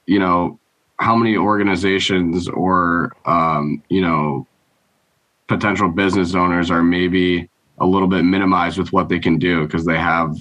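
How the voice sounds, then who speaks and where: A man co-hosting a casual podcast, speaking in a measured, agreeable way and sometimes searching for his words. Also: deep voice, fairly even intonation, a bit bright, poor audio. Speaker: podcast co-host.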